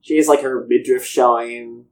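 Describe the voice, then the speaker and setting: A man co-hosting a podcast, telling a long fan story in a rambling, animated chat. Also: mid-range voice, normal speed, a crowd in the background. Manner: rambling, animated retelling of lore. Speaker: podcast co-host.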